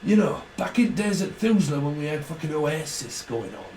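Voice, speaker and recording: A man's voice: a little high, lively intonation, moderate pace, darkish tone, reverberant, recorded from a distance, a little hiss or hum, close to an everyday voice, rough recording. A man putting on the voice of a brash, sweary rock star who moans about his brother. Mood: moaning. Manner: swearing, self-pitying rant.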